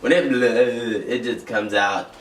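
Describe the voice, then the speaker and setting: A man co-hosting a casual comedy chat, easygoing and quick to poke fun at himself. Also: medium pitch, steady tone, fairly bright tone. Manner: easygoing and self-mocking, quick to joke along. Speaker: co-host. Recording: roomy echo, mic at a distance.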